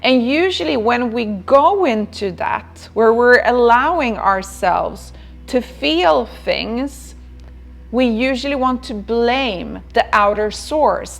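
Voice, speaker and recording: Slow-spoken woman with a high voice. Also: vocal fry. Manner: repeats phrases, tags points with "right?". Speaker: self-care speaker. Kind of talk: reflective motivational talk.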